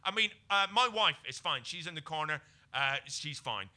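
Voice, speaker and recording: British comedian guy telling a daft story, voice a bit high, goes from low mumbling to excited yelps. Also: normal speed. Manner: animated, swings from low mutters to excited bursts. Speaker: comedian guest. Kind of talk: comic storytelling on a podcast.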